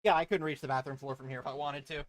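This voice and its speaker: A woman's voice: low-pitched, fairly even intonation, fast. A woman streaming a game, casual and loose, making crude jokes. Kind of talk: casual game let's play.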